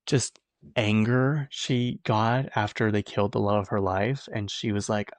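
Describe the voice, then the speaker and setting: A man's voice: fairly low pitch, fairly even intonation, measured pace, dry recording. A man hosting his own podcast, chatting casually and gossipily, laughing often and restarting his sentences. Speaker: podcast host. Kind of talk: casual solo podcast chat.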